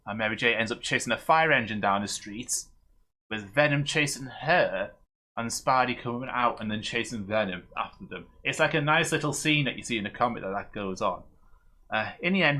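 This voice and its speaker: Male streamer host, low-ish but bright voice, loose rambling recap of comics. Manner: rambling, many fillers and restarts. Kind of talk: casual comic review chat.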